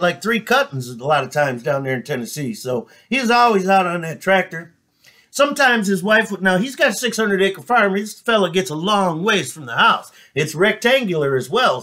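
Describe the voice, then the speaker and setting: A man's voice: sits high, sharp tone. A man, hosting and telling a folksy, joking comic story. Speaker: comedian host.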